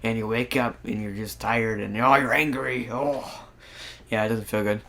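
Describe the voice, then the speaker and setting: A man's voice: fairly low pitch, fairly even intonation, moderate pace, gravelly, a bit bright. A man giving casual, rambling commentary over his gameplay, often restarting his sentences. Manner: rambling, with frequent restarts and filler words. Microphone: new desktop microphone.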